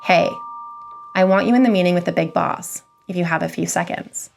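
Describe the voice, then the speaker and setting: A woman's voice: fairly low pitch, fairly quick, creaky, faint music behind. A woman voicing a cautious female diner manager who speaks hesitantly and guardedly.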